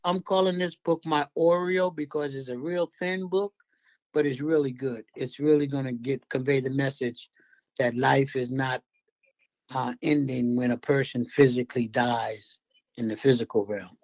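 A man author explaining his book in a radio interview, halting with fillers. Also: medium pitch, steady tone, a little mellow, dull audio. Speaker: author guest.

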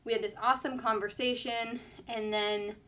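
A woman's voice: a little high, steady tone, moderate pace, a bit bright. A young woman telling a personal story in casual chat, full of fillers and acted-out quotes. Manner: chatty, lots of "like", quoting others.

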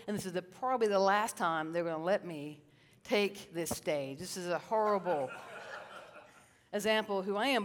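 A middle-aged woman tells stories from a stage in a lively, self-mocking way, often calling the crowd y'all. Her voice rings out with the long reverb of a large hall. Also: mid-range voice. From South Carolina, US. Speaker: psychotherapist giving a stage talk. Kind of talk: storytelling stage talk.

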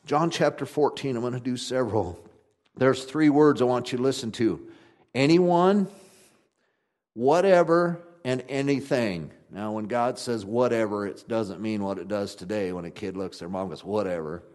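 A man preaching a sermon in a conversational, folksy way, swinging from loud emphatic passages to quiet ones. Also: on the low side, steady tone, normal speed. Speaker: pastor.

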